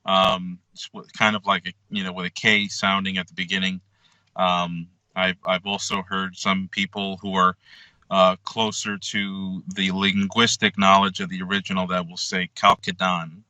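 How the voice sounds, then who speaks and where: A man as a radio show guest, explaining in a measured way with frequent ums, on dull lo-fi call audio. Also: low-pitched, little pitch movement, pushed and bright, dry recording. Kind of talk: explanatory interview talk.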